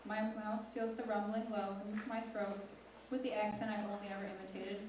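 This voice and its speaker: Recorded from far off in an echoey hall with background noise, a teenage student poet recites spoken word poetry. Her medium-pitched voice shows little pitch movement, and her delivery is slow, deliberate and intense.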